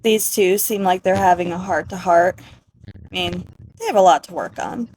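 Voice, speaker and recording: A woman giving casual, excitable commentary over a life-sim game, gushing and giggly. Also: on the low side, normal speed, a little hiss or hum, rough recording. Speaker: gaming creator.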